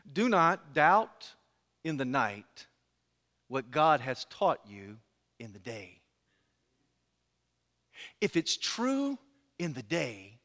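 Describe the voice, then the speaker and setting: A man preaching a sermon in a dramatic way, swinging from loud pleading to hushed lines. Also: mid-range voice, creaky. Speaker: pastor. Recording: long hall reverb.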